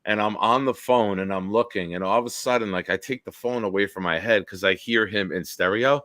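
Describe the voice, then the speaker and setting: A man hosting a casual livestream chat, telling rambling, excitable stories. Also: lowish voice, a little fast, dry recording. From Northeastern US. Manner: rambling, excitable storyteller who swears casually. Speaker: host.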